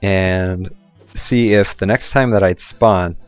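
A man's voice: sits low, fairly even intonation, slow, clear, resonant tone, soft background music. A young man casually commenting on his own gameplay, rambling with goofy, self-mocking asides. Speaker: let's play gamer.

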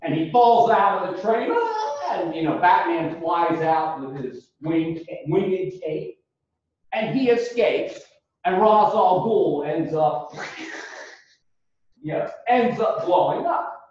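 A man giving a classroom lecture on ethics, animated and raising his voice when he acts out quotes. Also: high voice, slow pace. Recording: distant lo-fi recording in a very echoey classroom.

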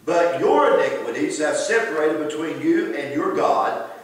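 Preacher, emphatic sermon, high voice, heard from far off in a big echoing church hall. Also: male voice, expressive, moderate pace. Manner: emphatic, addresses listeners by name.

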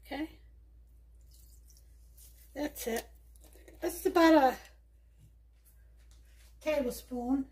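With a high, slightly mellow voice, a New York-accented woman draws out her words and leaves long pauses. She's hosting a casual cooking demo in her home kitchen, chatting and thinking aloud with lots of fillers.

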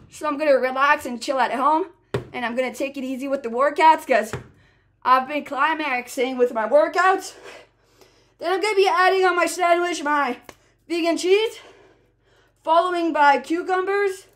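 Woman, high voice, playful chatty vlogger, cooking talk with loud exclamations. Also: moderate pace. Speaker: vlogger and entertainer. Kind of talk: casual talk to camera while making a sandwich.

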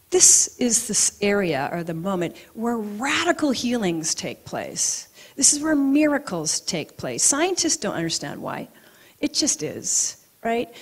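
Animated woman telling a story on stage. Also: fairly low pitch. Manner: lively storyteller, animated, laughs easily. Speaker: acupuncturist giving a talk. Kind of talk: personal storytelling talk.

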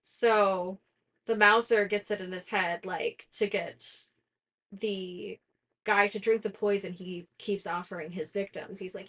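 A woman's voice: medium pitch, steady tone, unhurried, a bit bright. A young woman hosting a book discussion, retelling a fantasy plot in a casual, chatty way full of "like" fillers and self-aware laughter. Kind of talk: casual plot summary chat.

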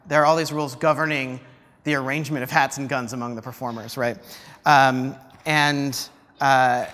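A man's voice: medium pitch, a bit bright. A man giving an artist talk at a museum, explaining a play's rules with many ums and restarts. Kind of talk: lecture and script reading. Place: museum lecture space. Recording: reverberant hall.

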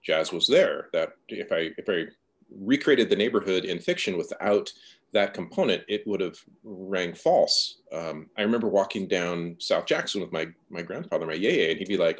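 A man's voice: deep voice, expressive, normal speed. A man, a novelist, speaking thoughtfully and personally as the guest in a conversational interview. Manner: thoughtful, soft-spoken, personal.

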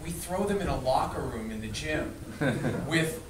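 Animated man telling a story in an echoey room. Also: on the high side, unhurried, background noise. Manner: animated, laughing, acts out quotes. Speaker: storyteller recounting a memory. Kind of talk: casual anecdote to a group. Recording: echoey room, distant mic, crowd behind.

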